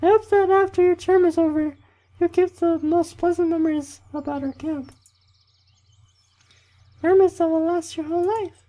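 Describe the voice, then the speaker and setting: A man reading the lines of a bossy, cheerful female camp leader in a strained falsetto, lecturing. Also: steady tone, moderate pace, pauses often, warm tone. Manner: lecturing, preachy.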